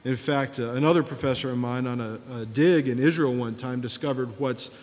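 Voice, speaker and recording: A man in his thirties preaching a sermon in a relaxed, storytelling way, with wry asides. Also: mid-range voice, brisk, in a large hall. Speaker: pastor.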